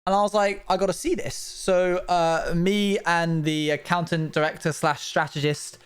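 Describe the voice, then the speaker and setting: A man's voice: on the high side, flat delivery, moderate pace, clear, resonant tone. A young man hosting a casual livestream from his desk, rambling and laughing at himself as he chats. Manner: rambling, giggly, self-mocking. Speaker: livestream host.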